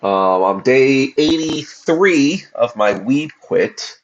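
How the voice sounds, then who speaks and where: A man in his forties, a podcast host, rambling casually on a livestream with lots of profanity and fillers, tired from fasting. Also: medium pitch, expressive, dull audio, a little hiss or hum. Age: 40s.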